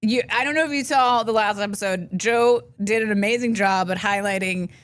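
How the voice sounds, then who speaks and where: Animated woman telling a story. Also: mid-range voice, a little fast. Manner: animated storytelling, laughs often. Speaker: podcast co-host. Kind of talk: casual podcast chat. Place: podcast studio. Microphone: studio microphone.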